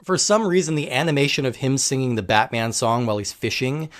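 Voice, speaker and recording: A man's voice: mid-range voice, lively intonation, brisk. A man guesting on a podcast, talking enthusiastically with many filler words. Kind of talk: casual podcast chat.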